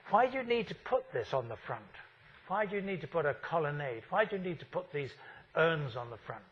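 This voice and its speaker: A man's voice: on the high side, fairly bright tone, lo-fi sound. A man in his fifties giving a university architecture lecture, wry and full of rhetorical questions.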